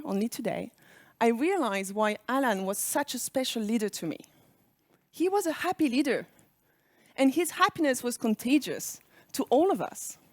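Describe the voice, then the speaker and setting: Lively French-accented woman giving a keynote. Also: fairly high pitch, no echo, studio quality. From France. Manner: engaging, asks the audience reflective questions. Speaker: speaker on leadership. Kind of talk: conference keynote talk.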